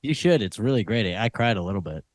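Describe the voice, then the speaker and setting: A man's voice: on the low side, very animated, quick pace, no echo, clean studio sound. A man co-hosting a podcast in casual chat, laid-back, laughing often and trailing off with fillers. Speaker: podcast co-host.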